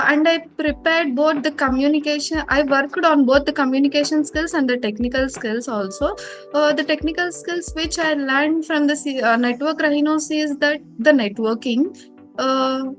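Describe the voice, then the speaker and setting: A young woman with an Indian English accent speaks in a high voice, hesitating often with fillers as she answers questions. Soft music plays faintly under her. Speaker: former student interviewed. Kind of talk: casual interview.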